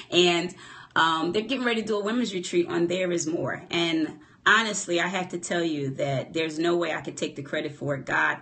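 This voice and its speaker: Lively woman greeting a live stream. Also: low voice. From New Jersey. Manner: warm greetings to viewers by name, lively and chatty. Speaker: motivational speaker and author. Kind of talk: live-stream motivational talk. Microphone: phone camera.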